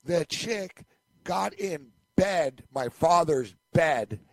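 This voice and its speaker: A man's voice: fairly high pitch, lively intonation, very slow, gravelly, no room sound. A man co-hosting a podcast, telling a long anecdote in a loose, rambling way and laughing along. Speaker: podcast co-host. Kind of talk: casual storytelling chat.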